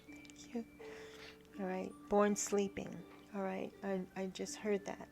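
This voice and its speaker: A woman giving a spiritual tarot reading to her viewers. She talks haltingly, repeats herself and often checks in with "right?". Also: medium pitch, monotone, creaky, a little mellow, faint music behind. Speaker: tarot reader.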